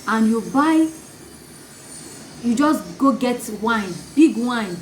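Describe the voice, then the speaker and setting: Animated woman teaching. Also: on the high side, slow pace. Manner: animated, acts out gossip in asides. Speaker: life coach. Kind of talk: motivational teaching talk. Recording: echoey room, faint noise.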